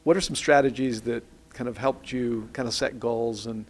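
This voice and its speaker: A man's voice: mid-range voice, fairly even intonation, moderate pace, a little mellow. A man co-hosting a podcast, asking loose questions full of hedges and fillers. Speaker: podcast co-host. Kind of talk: interview questions.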